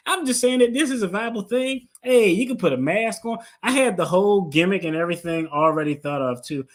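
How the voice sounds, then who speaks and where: A man's voice: sits high, expressive, fairly quick, few pauses. A man hosting a finance video, telling a story in a casual, playful way and acting out his own quotes. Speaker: attorney and finance video host.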